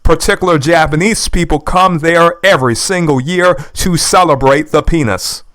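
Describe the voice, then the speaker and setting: Male commentator with a smooth, resonant voice pitched a touch high, delivering sarcastic, indignant reaction commentary. Dry sound. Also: moderate pace, fairly bright tone, no room sound. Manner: indignant, sarcastic, repeats his points. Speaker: YouTube commentator. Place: lives in the United States.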